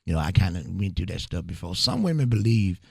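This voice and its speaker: Man, sports podcast co-host, husky, dry close sound. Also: low voice, fast talker, no echo. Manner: animated storyteller, does voices. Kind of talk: casual sports podcast chat.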